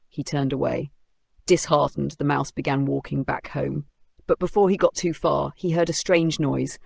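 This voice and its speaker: Gravelly kids story narrator, expressive, dry close mic. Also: mid-range voice, normal speed, dry recording.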